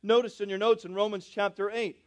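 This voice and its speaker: A pastor preaching a sermon, moving between loud, drawn-out emphasis and quiet, low asides, and asking his congregation questions. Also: level tone. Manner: swings between loud emphatic lines and soft low asides, drawing out key words; asks the congregation questions and calls for responses.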